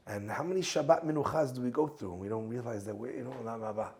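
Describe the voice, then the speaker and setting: A man's voice: medium pitch, fast, few pauses, mellow. A male rabbi, a guest in the conversation, telling reflective stories and weaving in Hebrew phrases. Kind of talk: casual conversation, reflective teaching.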